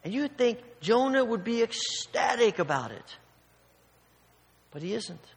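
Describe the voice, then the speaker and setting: A man preaching a sermon, telling a story with animated asides and acting out the quoted voices. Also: extremely high pitch, unhurried, slightly rough. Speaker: pastor. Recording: long hall reverb.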